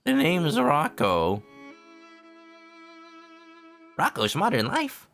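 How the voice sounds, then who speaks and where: A man voicing a lonely male talking boulder in a video game, reading with theatrical, drawn-out delivery. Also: fairly high pitch, huge pitch swings, vocal fry, a bit bright, faint music behind, pitched above the performer's own voice, exaggerated voice. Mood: grandiose.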